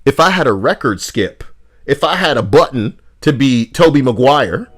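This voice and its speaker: Male streamer, profane sarcastic rant, very lively intonation. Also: mid-range voice, normal speed, slightly rough. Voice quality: animated, swings between mock voices and mutters. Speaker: streamer reacting to posts. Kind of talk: profane ranting commentary.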